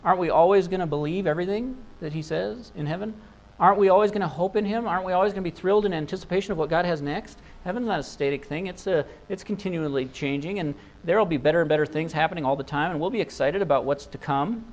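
A man's voice: high-pitched, fast talker, a little mellow, lo-fi sound. A man preaching an expository sermon, earnest and thinking aloud, with rhetorical questions and frequent restarts. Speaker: pastor.

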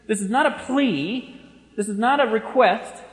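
A male pastor delivering an expository sermon. He moves between hushed, low stretches and forceful, emphatic bursts. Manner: emphatic, swings from hushed to forceful, quick asides. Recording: echoey hall with long reverb.

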